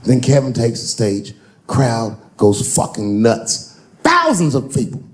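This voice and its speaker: A man's voice: mid-range voice, huge pitch swings, a little slow. A man in his forties doing a wry, storytelling stand-up comedy routine on stage before a live audience. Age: 40s.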